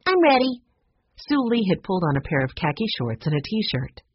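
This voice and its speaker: A woman narrating a children's storybook aloud in an expressive, lively reading. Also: low-pitched, fairly quick, breathy edge, no echo, highs cut off.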